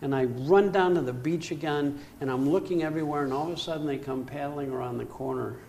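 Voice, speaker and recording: An older man telling a personal story in an animated way, acting out his own panic. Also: fairly high pitch, fast, vocal fry, a little hiss or hum. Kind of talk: storytelling talk.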